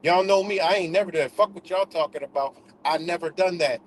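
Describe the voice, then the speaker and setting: A man's voice: high-pitched, quick pace, slight background noise, poor audio. A man hosting a livestream in a casual, profane rant, repeating himself for emphasis. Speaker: livestream host.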